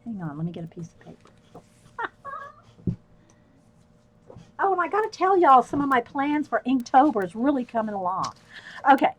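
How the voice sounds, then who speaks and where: Chatty middle-aged woman, higher voice. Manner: rambling, laughs often while telling stories. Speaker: art livestreamer. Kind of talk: chatty storytelling while painting.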